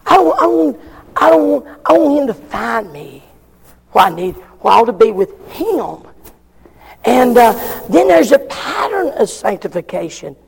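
A man's voice: very high-pitched, big pitch swings, measured pace, creaky, breathy edge, in a large hall. A man preaching a fervent sermon in a church, calling for amens between points. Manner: fervent preaching with frequent call-and-response amens.

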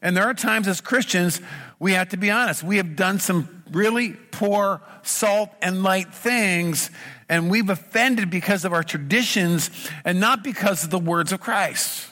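A man's voice: high-pitched, a little slow, bright, forceful tone, long reverb tail. A middle-aged man preaching a sermon as pastor, earnest and emphatic, building his points through repeated phrases. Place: church sanctuary.

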